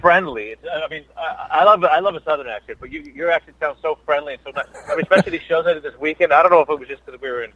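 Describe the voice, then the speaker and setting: A man's voice: fairly high pitch, fairly bright tone, no room sound, highs cut off. A man, a comedian, chatting casually as a podcast guest, rambling with frequent restarts. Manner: rambling, halting, many restarts. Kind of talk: casual chat. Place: New York based.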